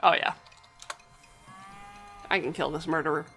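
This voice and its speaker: A woman's voice: low-pitched, steady tone, unhurried, pushed and bright, faint music behind. Wry woman streamer reading game text. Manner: wry, joking asides. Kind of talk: casual game commentary and reading aloud.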